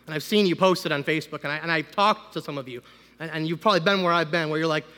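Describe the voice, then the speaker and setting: Bright fairly high voiced guy preaching a sermon, chatty then fired up, big church reverb. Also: very fast, slight background noise. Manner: conversational, builds to loud emphatic preaching. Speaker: pastor. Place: church sanctuary. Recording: long hall reverb.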